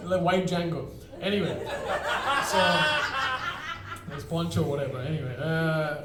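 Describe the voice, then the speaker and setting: A man from India performing a stand-up set, telling self-mocking stories to a live crowd. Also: on the high side. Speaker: stand-up comedian. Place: comedy show venue. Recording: echoey room, far mic, crowd audible.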